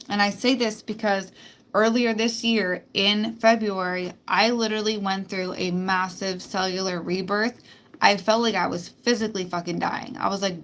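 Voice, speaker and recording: A woman's voice: medium pitch, steady tone, normal speed, fairly bright tone. A woman hosting a spiritual live stream, talking bluntly and emphatically with plenty of swearing. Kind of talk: casual live-stream monologue.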